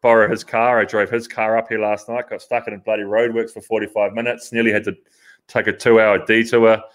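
A lower-voiced Australian man chatting on a podcast. He talks bluntly and plainly, with a casual swear here and there. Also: little pitch movement, brisk. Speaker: podcast co-host. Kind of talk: casual chat.

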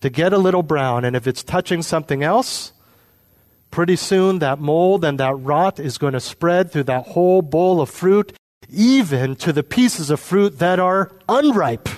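A man's voice: fairly high pitch, animated, measured pace, darkish tone. A man preaching a sermon, explaining with everyday examples and putting questions to his listeners. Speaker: pastor.

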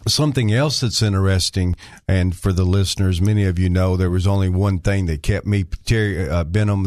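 A man's voice: sits low, darkish tone, no room sound, clean studio sound. Folksy older man hosting talk radio. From Arkansas. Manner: rambling, folksy, many filler words. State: slightly out of breath. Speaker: guest radio host. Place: radio studio.

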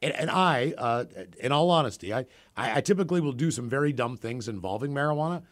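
Man, casual storyteller, lively swooping pitch, animated, laughs a lot. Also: fast.

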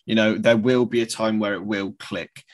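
A man's voice: on the low side, steady tone, moderate pace. A man co-hosting a casual football podcast, eager, asking questions with hesitant restarts. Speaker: podcast co-host.

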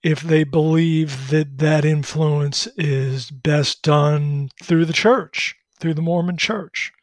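A man analyzing college football in a measured way on a sports talk show, citing details and history. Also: a little high, fairly even intonation, no room sound, clean studio sound.

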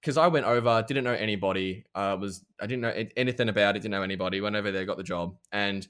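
A young man with an Australian accent, co-hosting a radio show and telling stories in casual chat with halting restarts. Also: lowish voice, a bit bright, clean tone. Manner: chatty storyteller, halting restarts. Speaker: radio co-host.

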